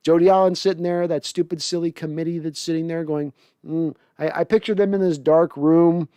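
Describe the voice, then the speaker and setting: A male podcast host vents in a rambling, sardonic, exasperated way during a casual post-game livestream. His voice sits somewhat higher than most men's, and the sound is dry and close with no room echo. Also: steady tone, brisk, mellow, clear, resonant tone.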